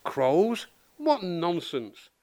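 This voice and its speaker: A man's voice: high-pitched, very animated, drawn-out words, warm tone, voice pushed up, full character voice. A man voicing a level-headed male cat with a dry, exasperated manner.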